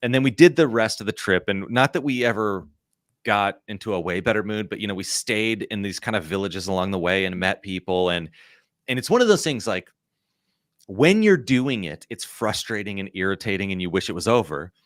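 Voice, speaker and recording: A man's voice: lowish voice, lively intonation, a little fast, no echo, studio quality. A man in his thirties, a podcast guest, telling a story in a casual, rambling way full of "like" and "you know".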